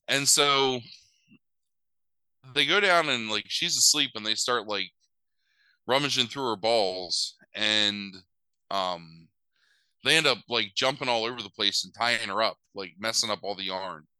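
Bright, crisp man giving a rambling recap. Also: medium pitch, unhurried, no echo, rough recording. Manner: rambling, full of "like" and "um", wry asides. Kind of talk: casual movie recap.

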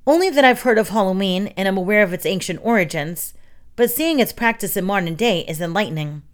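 A woman's voice: mid-range voice, expressive, fairly quick, close to an everyday voice. A sly talking coyote from a storybook, played by a woman reading aloud. He speaks in a wry, lecturing manner about humans.

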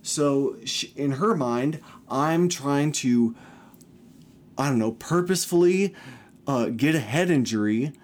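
A man's voice: medium pitch, slow. A young man venting a personal story, agitated and upset, swearing often and restarting his sentences.

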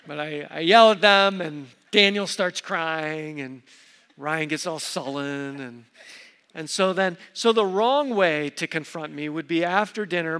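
Man, middle-aged pastor, sermon, earnest, emphatic, somewhat high voice, long echo of a church hall. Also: moderate pace, fairly bright tone. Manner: earnest, emphatic, repeats words when building a point.

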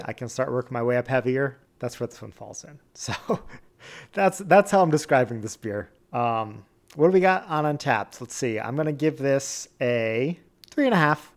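A man co-hosting a casual beer podcast, rambling and correcting himself as he describes a beer. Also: medium pitch. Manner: rambling, self-correcting, laughs often. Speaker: podcast co-host. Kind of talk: casual beer-tasting chat.

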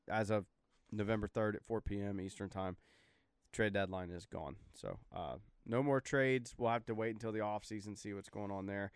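Casual young male co-host, smooth and resonant, close dry mic, rambling delivery. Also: fairly low pitch, no echo. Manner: loose, rambling, filler-heavy talk. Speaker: podcast co-host. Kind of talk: casual sports chat.

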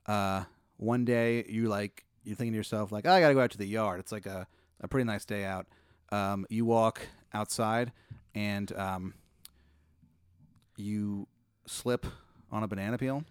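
A man hosting a comedy podcast who tells an improvised story in a deadpan, rambling way with lots of fillers. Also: fairly low pitch, unhurried, long pauses, clear, resonant tone, no echo, clean studio sound. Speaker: podcast host.

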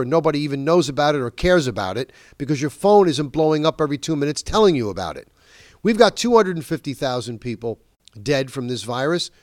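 A man's voice: a little high, no echo, studio quality. A man hosting a political talk show, speaking in an emphatic, indignant monologue and leaning hard on key words. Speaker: talk radio host.

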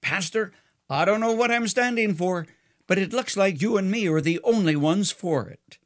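A man's voice: sits high, normal speed, voice pushed up, close to an everyday voice. A man voicing a sheepish churchgoer who has just woken up in the middle of a service. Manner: sheepish, awkward.

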